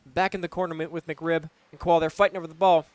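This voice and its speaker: A young man with a slightly high, smooth voice calls a college esports match play by play. He gets excitable and loose, with plenty of fillers, and sounds dry and close on a headset mic. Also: quick pace, no echo. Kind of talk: play-by-play commentary.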